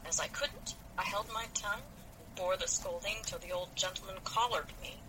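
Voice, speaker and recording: A woman's voice: mid-range voice, normal speed, background noise, natural voice. A woman reading aloud as a hot-tempered teenage boy, sounding defiant and indignant.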